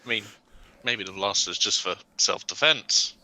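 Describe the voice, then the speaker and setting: A man playing a tabletop role-playing game, asking eager quick questions. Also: fairly low pitch, bright, forceful tone, low-quality recording. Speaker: player.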